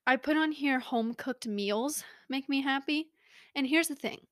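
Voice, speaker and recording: A woman's voice: high voice, moderate pace, no room sound. A young woman hosting a podcast, rambling in a casual, self-mocking way, recorded close in a small home studio. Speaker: podcast host. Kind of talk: casual chat.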